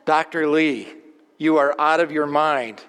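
A man's voice: a little high, unhurried, a bit bright, clean tone, in a large hall. A pastor voicing a firm male hospital doctor pleading with a stubborn patient.

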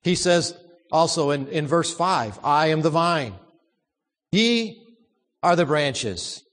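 A man's voice: a little high, expressive, slow pace, fairly bright tone, long reverb tail. A man preaching a sermon, emphatic, repeating words and asking the congregation questions.

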